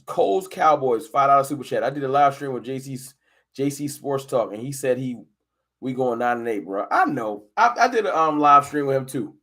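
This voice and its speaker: A man hosting a casual fan live stream, talking football and arguing with chat viewers in an animated, combative way. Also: medium pitch, moderate pace. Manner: animated, argumentative, addresses chat viewers directly.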